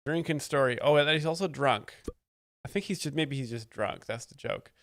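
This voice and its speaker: A man's voice: mid-range voice, moderate pace, a bit bright, no echo. Dry, sarcastic male stream host. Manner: dry sarcastic mock-expert. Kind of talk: casual live-stream commentary.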